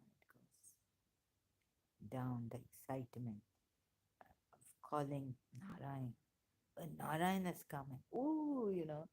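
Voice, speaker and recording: A woman's voice: rumbling low, dark tone. A woman vlogging in a rambling personal monologue, hesitant and full of fillers and restarts, with emotional exclamations.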